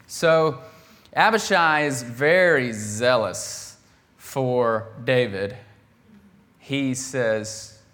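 A man preaching a sermon in a conversational way, reading scripture and acting out the characters with bursts of loud emphasis. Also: mid-range voice, drawn-out words. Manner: animated, acts out the quoted characters with bursts of volume; conversational, with laughs and restarts.

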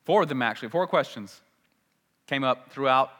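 A man's voice: mid-range voice, lively intonation, normal speed, a bit bright. A man preaching a sermon as a pastor, talking in a conversational way and often asking the congregation rhetorical questions. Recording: long hall reverb.

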